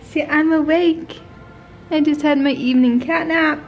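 A woman's voice: high-pitched, fairly even intonation, measured pace, highs cut off, soft background music. A young woman, a mom, chatting casually to the camera in a family vlog, often cooing to her baby in a sing-song voice. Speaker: vlogger mom. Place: home.

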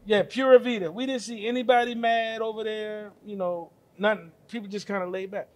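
High-voiced man telling a story. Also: steady tone, a little fast. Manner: storytelling, retelling conversations with quoted lines. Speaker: podcast co-host. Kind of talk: casual group discussion.

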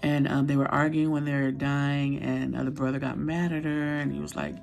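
A woman's voice: a bass voice, level tone, moderate pace, creaky, darkish tone. A middle-aged woman chatting casually to her viewers, playful and talkative, sometimes dropping to a whisper. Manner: chatty, playful, sings along, drops to a whisper now and then. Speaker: vlogger. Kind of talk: casual weekly chat to viewers.

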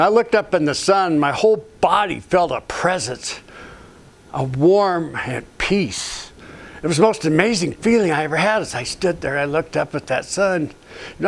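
A man's voice: a little high, vocal fry, a bit bright. Earnest man telling his faith testimony. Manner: earnest, rambling, many "you know" fillers. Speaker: ministry speaker.

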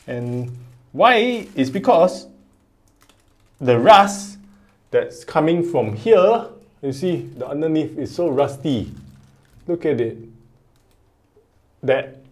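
A man's voice: mid-range voice, darkish tone. A man with a Singaporean English accent, casually vlogging at home, giggly and rambling. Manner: giggly, rambling, self-mocking. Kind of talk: casual haul vlog. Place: home, then a small bathroom.

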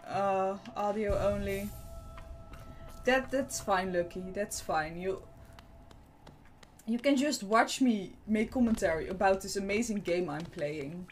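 A woman's voice: medium pitch, slow pace, slight background noise. A young woman with a Dutch accent, chatting playfully as she streams a game, with a self-mocking tone. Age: young adult. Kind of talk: casual gameplay commentary. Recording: music playing behind.

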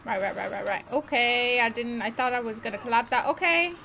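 A woman's voice: fairly high pitch, a little fast, vocal fry, pushed and bright, slight background noise. A woman gaming streamer giving casual gameplay commentary, chatty and self-mocking, always saying "literally". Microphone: desk microphone.

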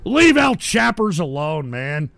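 Exasperated ranting show host guy, gravelly, dry sound. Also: a little high, sing-song, slow pace, no room sound. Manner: exasperated, shouts at trolls in chat. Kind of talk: ranting livestream talk.

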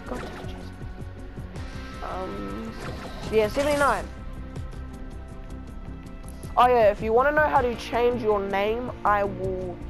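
Excitable gamer yelping over game music. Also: medium pitch. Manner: excitable, yelps and pleads under pressure. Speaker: gaming channel host. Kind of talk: live gameplay commentary.

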